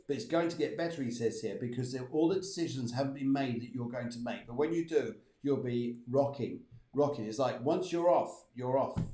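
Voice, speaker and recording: A man's voice: medium pitch, warm tone, reverberant. A man hosting a live spiritual show, chatting and giving readings to viewers. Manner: chatty, reads out viewer requests. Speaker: medium and show host.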